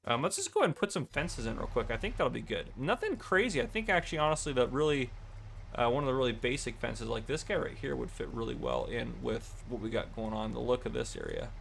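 Male game commentator, relaxed and rambling, gravelly, light background noise. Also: mid-range voice, fast talker. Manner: easygoing, rambling with many fillers. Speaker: gameplay channel host. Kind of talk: casual gameplay commentary.

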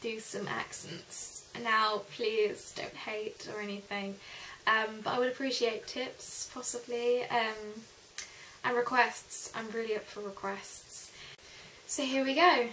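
A woman's voice: on the high side, fairly even intonation, slow, bright, forceful tone, slight background noise, rough recording. Chatty young woman vlogging. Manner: chatty, rambling, many fillers. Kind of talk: casual vlog chat.

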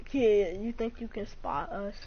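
A woman's voice: mid-range voice, unhurried. A woman streaming a video game, teasing and trash-talking her opponent in boisterous chat, laughing often. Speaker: gamer streaming a match. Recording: muffled lo-fi stream with loud noise.

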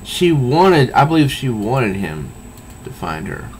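A man casually reading a comic book aloud and commenting on it, with halting asides. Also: mid-range voice, sing-song, a little hiss or hum.

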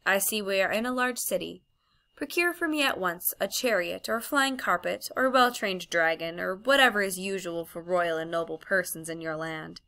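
A woman's voice: medium pitch, sharp tone. A woman reading the lines of a cold, imperious witch queen in an audiobook, commanding and contemptuous.

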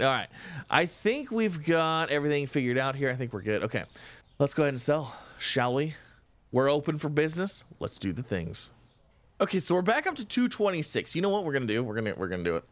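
A man hosting a casual let's-play, chatty and excitable, thinking aloud with frequent exclamations. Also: medium pitch. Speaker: gaming channel host.

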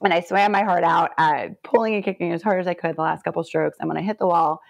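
A woman in her forties tells stories as a podcast guest, her voice sitting a little low and breaking into frequent laughs. The sound is dry and close, with no room around it. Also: quick pace, gravelly, no echo. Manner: animated, laughs often between phrases. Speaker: interview guest. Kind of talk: casual storytelling interview.

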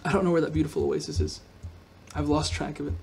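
Goofy high-voiced man playing a game. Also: steady tone, quick pace, vocal fry, a little mellow, slight background noise. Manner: goofy, rambling, talks to himself and viewers. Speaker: gaming video host. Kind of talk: solo gameplay commentary.

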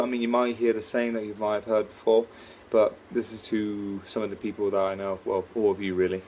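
A man's voice: on the low side, a little mellow, slight background noise. A young man chatting casually and a little hesitantly between impressions.

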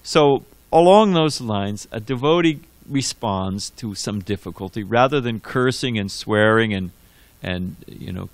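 A man's voice: fairly low pitch, dry recording. A man giving a scripture class in a conversational, digressive storytelling manner, full of restarts and asides. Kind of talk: sermon. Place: temple hall.

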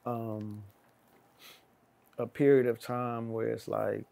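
A middle-aged man telling a story in casual chat, acting out the voices of the people in it and swinging loud and high. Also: little pitch movement, takes it slowly, creaky. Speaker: guest.

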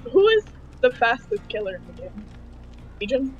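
High-voiced man over dull voice chat. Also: big pitch swings, normal speed, slight background noise. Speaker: friend in voice chat. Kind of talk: casual gaming chat.

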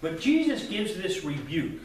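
A pastor preaches an earnest sermon in a church sanctuary, often repeating words to stress his points. His high-pitched voice is sing-song and a little mellow, and he speaks a little slowly. The distant mic picks up a very echoey hall and slight background noise.

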